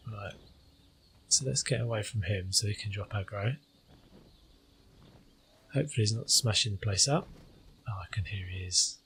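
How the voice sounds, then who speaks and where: A man's voice: lowish voice, moderate pace, long pauses, a bit bright, a little hiss or hum. A man hosting a gaming channel, talking through his gameplay in a casual, hesitant way with many fillers.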